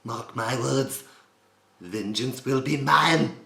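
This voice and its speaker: A man putting on the voice of a scheming, haughty baby boy with a nasal British accent and no gravel. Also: mid-range voice, takes it slowly, pushed and bright, roomy sound, pitched above the performer's own voice, heavily acted. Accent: British (put on).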